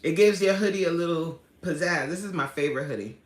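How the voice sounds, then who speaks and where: A woman hosting a casual livestream, chatting with viewers and reading out their comments in animated, slangy talk, laughing often. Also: lowish voice, fast talker. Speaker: livestream host. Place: indoor room at home. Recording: roomy echo.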